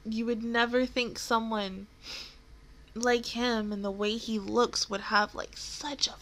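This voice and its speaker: Young female reaction host, bright edgy tone, rambling casual talk with emotion and swearing. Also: a little high, steady tone, takes it slowly, a little hiss or hum. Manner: rambling and emotional, with many fillers and curse words.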